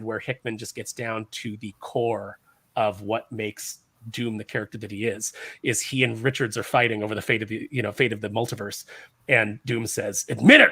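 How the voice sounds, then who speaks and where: A man talking comics on a casual panel show, eager and rambling, full of "um" and "you know". His voice is bright and forward. The sound is dry and close. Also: medium pitch, no echo. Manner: enthusiastic, rambling with many fillers. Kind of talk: casual chat.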